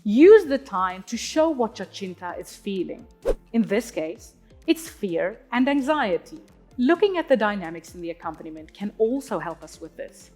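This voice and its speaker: A woman, an opera singer, giving a clear, teacherly singing lesson and sounding out Italian words as she explains. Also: medium pitch, very animated, normal speed, darkish tone, soft background music. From South Africa. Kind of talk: instructional talk on singing.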